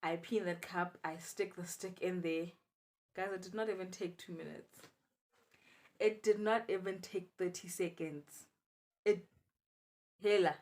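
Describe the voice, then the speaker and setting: A young South African woman telling a personal story for her vlog in an animated, dramatic way. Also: lowish voice, unhurried, long pauses. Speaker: vlogger.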